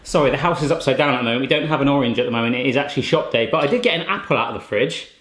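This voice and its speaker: A man, testing kitchen gadgets at home in casual chat and often bursting into excited exclamations. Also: mid-range voice, racing, reverberant, slight background noise.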